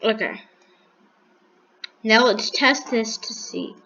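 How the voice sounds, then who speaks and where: Slow, dry-humored woman thinking aloud. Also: on the high side, vocal fry, sharp tone, dull audio. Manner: unhurried, thinking aloud with restarts and counting. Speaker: gaming video creator. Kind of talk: casual Minecraft build commentary.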